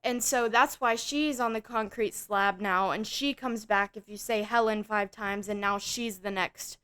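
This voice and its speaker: Woman podcast co-host, smooth clear tone, steady casual plot summary. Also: medium pitch, unhurried. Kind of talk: casual film review chat.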